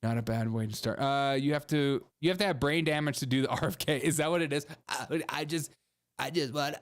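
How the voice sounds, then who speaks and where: A man's voice: a little high, a little fast. Sarcastic male comedy podcast host. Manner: laughing, sarcastic, riffing. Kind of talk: comedic political commentary.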